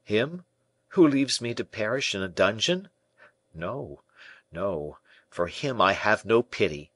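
A man's voice: lively intonation, slow, fairly bright tone, no echo, heavily acted. A man reading an audiobook, voicing a young imprisoned prince who pleads passionately and is full of distrust. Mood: distrustful. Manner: pleading, impassioned, rising pitch.

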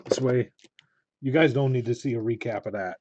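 During a live card break, a man opens packs and announces the results, murmuring low between excited shout-outs. He keeps a moderate pace over lo-fi audio with a noisy background.

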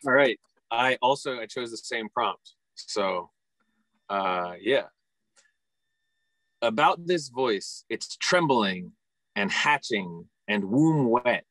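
A man reads his own poem aloud to a workshop over a video call. His mid-range voice is dry and close, and he takes each line in a measured, deliberate way. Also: medium pitch, animated, fairly bright tone, no room sound, rough recording. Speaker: workshop participant.

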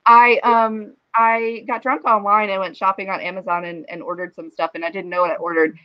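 A woman's voice: medium pitch, little pitch movement, brisk. Woman, livestream host, casual chat, laughs often, lo-fi sound. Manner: chatty, laughs often, reads viewer comments aloud.

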